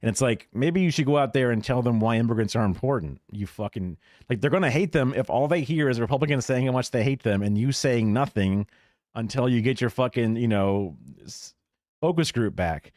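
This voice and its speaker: A man's voice: medium pitch, a little fast, darkish tone, dry recording, studio quality. A man hosting a live reaction stream, talking casually, opinionated, swearing and chuckling. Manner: opinionated, profane rants mixed with chuckles. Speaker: livestream host. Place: home streaming setup.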